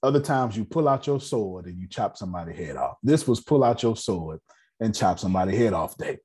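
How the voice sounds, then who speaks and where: His voice is on the low side with a breathy edge as he heads a business meeting. Before an audience, he delivers animated motivational stories in casual slang, with repeated words and dramatic pauses.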